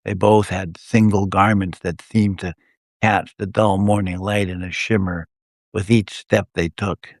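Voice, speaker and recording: A man reading his own first-person adventure story aloud on a live stream, telling it in a steady way. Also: low-pitched, unhurried, dry recording, studio quality.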